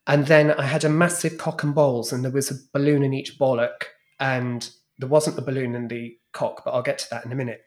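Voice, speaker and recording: A man's voice: medium pitch, a little fast, few pauses. A man, a guest in an interview, telling frank, bawdy stories about his past stage acts. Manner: frank, bawdy, animated storytelling. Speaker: guest, former club DJ and drag performer. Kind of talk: anecdotal storytelling in a podcast interview.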